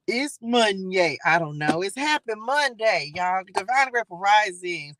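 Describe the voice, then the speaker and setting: A middle-aged woman hosting a spiritual morning livestream in a casual, excitable way, often repeating greetings to her audience. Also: medium pitch, measured pace, dry recording.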